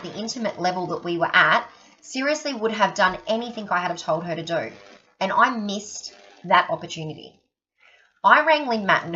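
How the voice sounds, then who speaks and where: Aussie woman telling stories in a training talk, bright tense voice, kinda dull lo-fi recording. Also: mid-range voice. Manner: chatty storyteller, acts out quotes, many "okay?" asides. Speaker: sales consultant giving a training talk.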